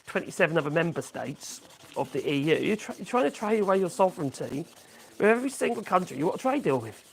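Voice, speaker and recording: A man's voice: fairly high pitch, big pitch swings, fast talker, vocal fry, a little hiss or hum. A man hosting a live stream, giving blunt, rambling, opinionated commentary on the news.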